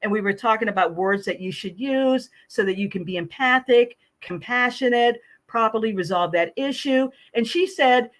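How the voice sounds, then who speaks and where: A woman hosting a podcast and training on customer service, talking in a lively, animated way, laughing often and acting out the phrases she quotes. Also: a little high, moderate pace, hardly any pauses. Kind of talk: casual podcast conversation.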